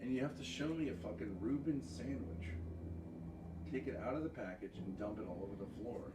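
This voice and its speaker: A man's voice: mid-range voice, expressive, fairly quick, heavy background noise. A man streaming live, bickering in a grumpy, sarcastic, bossy way. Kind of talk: bickering livestream chat.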